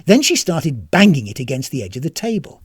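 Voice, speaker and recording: Brief: expressive storybook reader, very lively pitch, slightly husky, dry close sound. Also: fairly quick, no room sound. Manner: wry, expressive. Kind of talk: scripted storybook narration.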